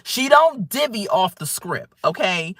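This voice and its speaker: A woman's voice: mid-range voice, unhurried, no room sound. Emphatic woman venting in a dry car. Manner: animated, emphatic, talks straight to viewers. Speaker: vlogger. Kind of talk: casual opinion vlog while driving home.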